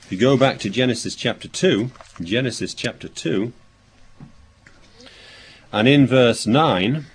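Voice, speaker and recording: A man preaching a sermon, reading verses aloud and explaining them, thinking aloud with pauses and restarts. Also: mid-range voice, slight background noise. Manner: expository, reads scripture aloud and explains it.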